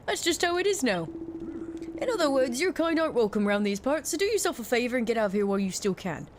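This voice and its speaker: A woman's voice: fairly high pitch, very animated, quick pace, slight background noise. A woman voicing a grumbling, washed-up old male pub landlord, reading game dialogue aloud. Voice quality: grumbling, self-pitying.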